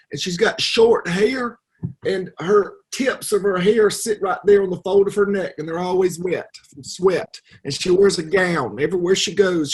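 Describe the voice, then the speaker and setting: A man's voice: high-pitched, breathy edge, pitched above the performer's own voice. A man voicing a flustered older Southern lady with a Southern accent who drops her R's and is never pleased.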